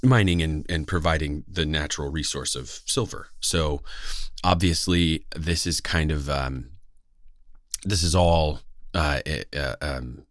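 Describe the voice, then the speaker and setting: Voice actor, American man with a West Coast accent, extremely low voice, earnest and rambling to camera. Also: unhurried, dry recording, clean studio sound. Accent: General American, West Coast. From West Coast of the United States. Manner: earnest, rambling, many fillers and restarts. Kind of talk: casual talk to camera.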